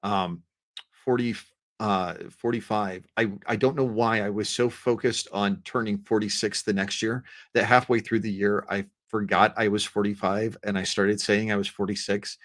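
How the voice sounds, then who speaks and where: A man in his forties hosting a casual panel chat, telling playful stories with halting restarts. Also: lowish voice, fairly even intonation, a bit bright. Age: 40s. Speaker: host.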